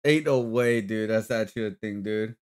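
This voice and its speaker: A man's voice: fairly low pitch, normal speed, darkish tone. Casual, profane male streamer. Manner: loose, profane, laughing reactions.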